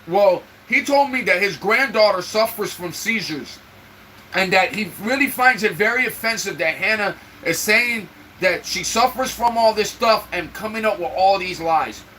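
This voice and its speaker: High, bright-voiced man venting on a live stream. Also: lively intonation, moderate pace, a little hiss or hum, poor audio. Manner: emotional, venting, talks straight to viewers. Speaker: livestream host. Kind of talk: casual livestream chat. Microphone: own microphone for the live stream.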